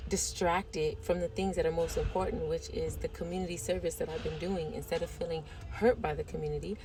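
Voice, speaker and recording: Against a noisy background, a woman from the United States tells a personal story in her vlog, repeating herself for emphasis as she speaks emotionally. Her voice is low-pitched, steady, and a bit fast.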